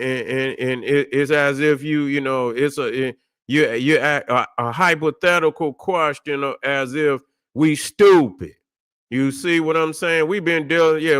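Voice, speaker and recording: A man rants at his chat on a livestream, swearing freely and stumbling through restarts. His voice sits a little high for a man. The sound is dry and close, with no room around it. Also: a bit bright, smooth, no echo. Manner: angry, profane, halting with many restarts and "you see". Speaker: livestream host answering chat. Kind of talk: profane livestream rant.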